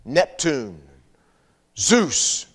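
A man's voice: a little high, big pitch swings, drawn-out words. A man preaching a sermon in an emphatic, repetitive style, firing rhetorical questions and dropping humorous asides. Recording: long hall reverb.

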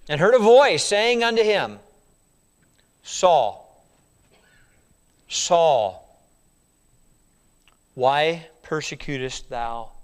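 A man preaching a sermon, emphatic and repetitive, putting questions to his congregation. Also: sits high.

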